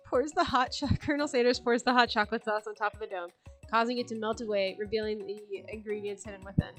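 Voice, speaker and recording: A woman's voice: medium pitch, fairly even intonation, quick pace, a bit bright, soft background music. A young woman streamer reading a video game's text aloud, joking and swearing casually as she plays. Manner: playful, jokey, swears casually. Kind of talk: reading a game aloud with commentary.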